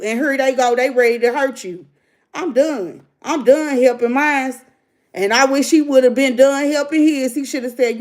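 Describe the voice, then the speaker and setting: Middle-aged woman, host of a casual livestream, blunt and preachy, voice sits a bit high. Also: normal speed. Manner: blunt, preachy, talks straight to viewers.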